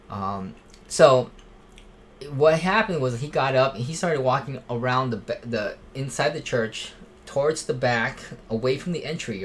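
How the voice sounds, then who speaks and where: A man speaking off the cuff about watching for threats at church, with a mid-range voice. He rambles, restarts sentences and leans on fillers as he tells it. A faint hiss of noise sits under the recording. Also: medium pitch. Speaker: church safety volunteer. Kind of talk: casual unscripted talk.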